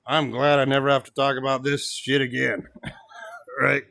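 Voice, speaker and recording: Brief: male co-host, bright tone, animated casual recap, swears, laughs a lot. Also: mid-range voice, moderate pace, gravelly. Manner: animated, swears, laughs often, mocks quotes. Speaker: podcast co-host. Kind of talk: casual wrestling review chat.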